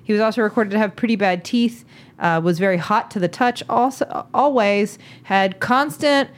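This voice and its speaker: A woman's voice: mid-range voice, normal speed. A woman hosting a podcast, telling a history story in casual chat and laughing often. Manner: giggly, amused storyteller. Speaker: podcast host.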